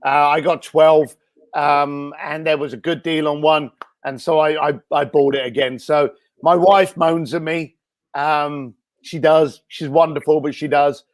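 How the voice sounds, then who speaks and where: A man answering interview questions over a video call in a blunt, energetic way, with many fillers and restarts, his voice a little hoarse. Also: fairly high pitch, unhurried. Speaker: guest speaker and entrepreneur.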